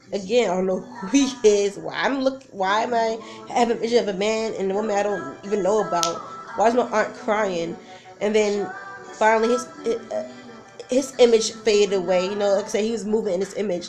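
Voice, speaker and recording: A woman's voice: medium pitch, a little mellow. A woman in her twenties telling a personal story in a casual, rambling, emotional way, full of fillers and restarts. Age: 20s. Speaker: vlogger.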